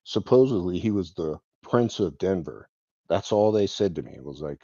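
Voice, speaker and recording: A vlogger with a deep, dark, expressive voice rambles through a personal story at normal speed, packing it with "like" and "um" and chuckling now and then. The recording is dull, lo-fi, and dry, with no echo.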